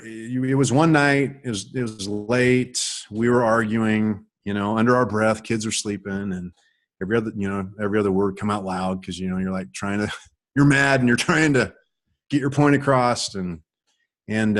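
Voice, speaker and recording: A middle-aged man telling a personal story in a casual, rambling way, with many restarts and animated stretches. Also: on the low side. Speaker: author and guest on a call.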